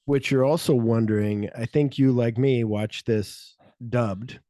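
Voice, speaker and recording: A man talking casually about a movie with a mellow, warm tone, recorded dry and close. He rambles along, slipping into quick quoted voices to act out scenes, and swears freely. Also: medium pitch, steady tone, dry recording. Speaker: podcast co-host. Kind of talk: casual chat about a film.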